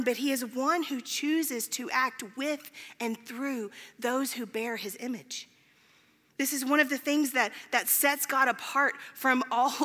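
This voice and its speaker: A woman preaching a sermon, telling stories in a conversational, animated way with filler words. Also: high-pitched. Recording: long hall reverb.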